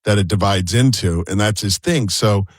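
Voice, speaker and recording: A man's voice: fairly low pitch, moderate pace, no echo. A man co-hosting a talk show, telling chatty, rambling anecdotes full of asides. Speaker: co-host. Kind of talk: casual talk-show storytelling.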